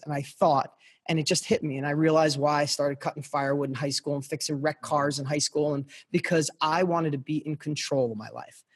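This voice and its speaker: A man's voice: fairly high pitch, fairly even intonation, fairly quick, slightly rough. A middle-aged man guesting on a podcast, telling a personal story in a passionate, emphatic motivational style and speaking straight to the listeners. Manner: passionate, emphatic, repeats phrases for punch.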